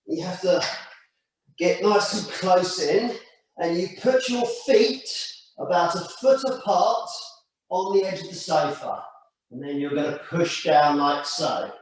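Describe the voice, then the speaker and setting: A man with a slightly higher voice guides a stretching session in slow, calm step-by-step cues. He sounds a little distant from the mic. Strong echo fills the room around him. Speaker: stretching instructor. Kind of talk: guided exercise class. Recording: echoey room, mic far off.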